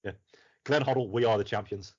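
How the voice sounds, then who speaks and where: A man's voice: on the low side, brisk. A man hosting a podcast in casual chat, rambling and laughing often, with some swearing. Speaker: podcast host. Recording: muffled lo-fi podcast audio.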